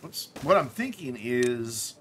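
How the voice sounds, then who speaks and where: A man's voice: medium pitch, big pitch swings, slow, a little hiss or hum. A man casually commenting while playing a game on a live stream, thinking aloud, correcting himself and dropping jokey asides.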